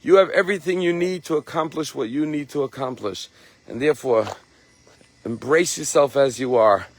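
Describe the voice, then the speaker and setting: A rabbi giving a short sermon, telling a story and then gently encouraging his listeners. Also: on the high side, moderate pace.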